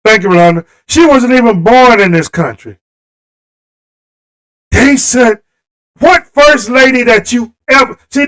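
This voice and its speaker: Fired-up high-voiced man ranting on a livestream. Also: fairly bright tone, rough recording. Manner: impassioned, talks straight to viewers. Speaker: live stream host. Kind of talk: livestream political rant.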